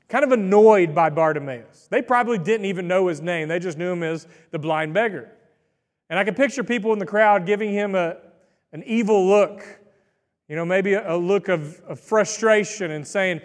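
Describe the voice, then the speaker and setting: A man's voice: high-pitched, moderate pace, long reverb tail. A man preaching a sermon in a conversational, folksy storytelling way, with asides to the congregation. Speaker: pastor.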